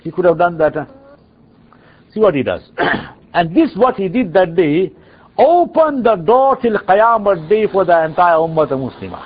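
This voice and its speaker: A male preacher tells a sermon story in a dramatic, animated way. His voice is high, husky and swoops widely. The recording sounds dull and lo-fi. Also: normal speed. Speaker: preacher and teacher.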